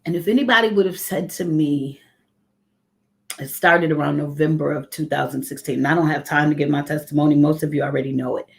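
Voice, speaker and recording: A woman's voice: deep voice, fairly quick, creaky. A woman leading a live morning devotional, speaking in a heartfelt, conversational way and greeting viewers by name. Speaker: ministry leader.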